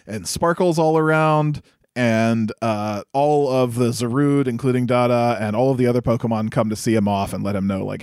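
A man's voice: mid-range voice, dry recording. Guy recapping a movie on a podcast, mid voice, dry sound, keeps laughing and doing the characters' lines. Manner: laughs often, swears, acts out characters' lines. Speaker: podcast co-host. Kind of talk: casual movie recap chat.

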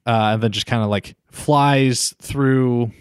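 A man's voice: medium pitch, steady tone, slow, smooth, dry recording, studio quality. A man co-hosting a podcast, casually retelling a movie scene, rambling with lots of "like" and laughing. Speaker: podcast co-host. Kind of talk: casual movie recap chat.

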